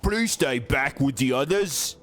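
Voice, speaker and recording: A man's voice: mid-range voice, lively intonation, measured pace, fairly bright tone, faint music behind, voice pushed up. A man voicing a stout, middle-aged male city official in a game, pompous and officious, with a put-on accent.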